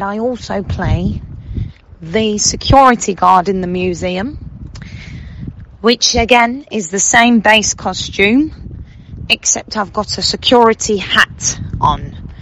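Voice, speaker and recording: A woman stage actor describes her costumes in a plain, matter-of-fact way. She speaks slowly at an average pitch. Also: fairly bright tone, a little hiss or hum, low-quality recording.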